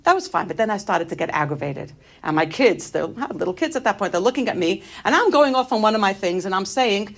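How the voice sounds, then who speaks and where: A middle-aged woman giving an inspirational talk, telling personal stories in an animated, humorous way that turns grave at moments. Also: medium pitch, fast, gravelly. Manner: animated, humorous, shifting between light and grave. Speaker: inspirational speaker.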